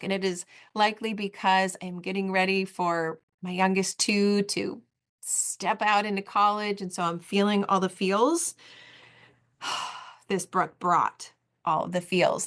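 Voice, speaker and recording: A woman in her forties talks through a solo podcast episode as its host. Her pitch sits in the middle for a woman, and her delivery is earnest and heartfelt. She leans on repeated phrases to drive her points home. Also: fairly even intonation, unhurried, fairly bright tone.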